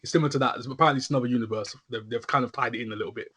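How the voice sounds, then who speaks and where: A man's voice: mid-range voice, steady tone, rapid-fire, bright, forceful tone, breathy edge. A young man chatting casually, rambling with lots of filler words as he talks. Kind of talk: casual chat.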